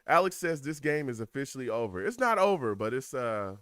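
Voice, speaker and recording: A man with a New York accent reacts live to a football game in a casual, animated way, laughing a lot and reading viewer chat out loud. His medium-pitched voice is smooth and fairly quick, recorded dry in a clean studio.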